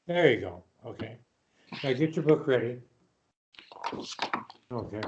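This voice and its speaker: A man's voice: medium pitch, lively intonation, measured pace, muffled recording, background noise. Older man teaching piano, patient. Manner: patient, explains with counting and clucking demonstrations. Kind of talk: online piano lesson.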